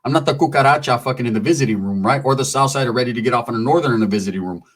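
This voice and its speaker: A middle-aged man telling a comic street story, animated and profane. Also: medium pitch, rapid-fire.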